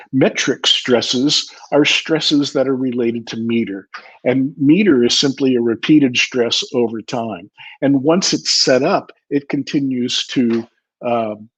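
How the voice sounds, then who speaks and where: An older man teaches percussion in an online clinic. He explains musical ideas step by step in a husky voice, now and then singing rhythm syllables. The audio is a little dull and lo-fi. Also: mid-range voice. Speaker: percussion educator giving a clinic. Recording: slightly muffled lo-fi audio.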